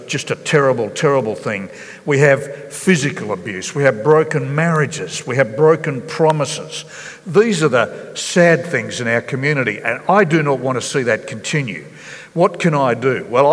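A man preaching a sermon as pastor, earnest and halting, with many fillers and restarts. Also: mid-range voice, fairly bright tone, in a large hall. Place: church hall.

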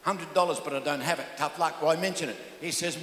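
A man's voice: fairly high pitch, a little fast, fairly bright tone. An older man preaching a humorous sermon as pastor, telling jokey stories with stammering restarts. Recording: echoey hall.

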